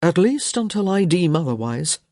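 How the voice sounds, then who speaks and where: A woman voicing a wry young gentleman who makes dry, sardonic remarks. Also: on the low side, sing-song, normal speed, dry recording.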